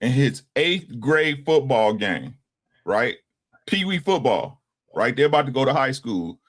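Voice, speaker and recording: A man's voice: medium pitch, very animated, a little slow, fairly bright tone. A man in his sixties, co-hosting a casual talk show, speaks bluntly and with a lot of profanity, often tagging his points with "right?". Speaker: podcast co-host.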